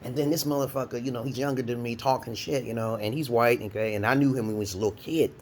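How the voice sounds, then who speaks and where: Male vlogger, profane rambling monologue, loud laughing outbursts, faint noise. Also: steady tone, fast talker. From Brooklyn, New York. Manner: loud, laughing rants with sudden high shouts.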